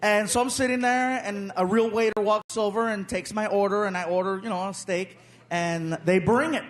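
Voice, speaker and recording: A man telling a stand-up story on a club stage with a handheld mic, animated and acting out voices. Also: high-pitched, normal speed. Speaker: stand-up comedian. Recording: loud laughing crowd, noisy club.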